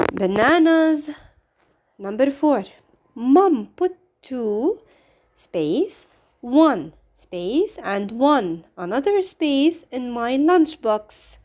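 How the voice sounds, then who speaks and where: A woman's voice: high voice, darkish tone, a little hiss or hum. A woman teaching an English grammar lesson, walking through exercises step by step with patient questions.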